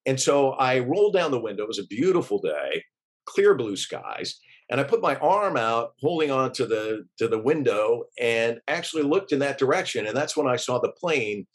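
Middle-aged man recounting, halting and earnest. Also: mid-range voice, very animated. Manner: earnest, halting, many restarts and fillers. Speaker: journalist eyewitness. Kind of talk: recalling events in an interview.

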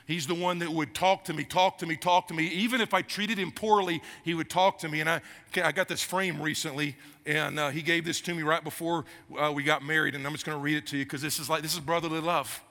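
A man in his fifties preaching a sermon as pastor, emphatic and given to repeating his phrases, growing animated as he goes. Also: on the high side, quick pace. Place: church sanctuary. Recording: long reverb of a large hall.

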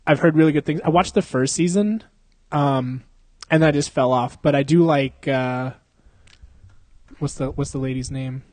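A man's voice: a little high, normal speed, dry recording. A young man co-hosting a podcast, telling stories in a casual, profane way and laughing often. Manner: profane, animated storytelling with frequent laughter. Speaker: podcast co-host.

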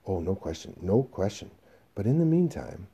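Man voicing a worn-out pleading salesman, husky, very dark low voice. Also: big pitch swings, moderate pace, exaggerated voice. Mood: desperate. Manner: pleading, emotional, rising to shouts. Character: aging, desperate male salesman pleading for his job.

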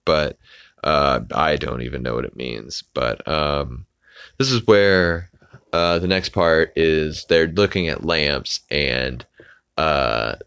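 A young adult man hosts a podcast on a close mic, casually recapping a cartoon with many fillers and an occasional swear. His very deep voice is smooth with a fairly bright tone, and the recording is dry.

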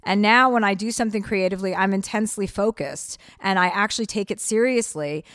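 A woman's voice: mid-range voice, fairly quick, a bit bright, no room sound. A middle-aged woman from New Jersey, a comedian guest, talking bluntly with dry self-mocking humor. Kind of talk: casual interview chat.

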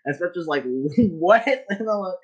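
A man's voice: fairly high pitch, expressive, normal speed, muffled recording. A young man co-hosting a casual podcast, goofy and rambling, with frequent restarts. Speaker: podcast co-host. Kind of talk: casual chat.

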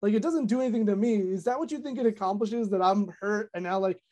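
A young woman, a content creator, chatting casually on a podcast, talking fast with lots of fillers and animated retellings. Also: mid-range voice.

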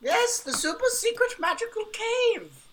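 A woman's voice: high voice, expressive, unhurried, sharp tone, voice pushed up, full character voice, low-quality recording. A woman doing a pompous lecturing knight. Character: distracted adult male knight lecturing on math.

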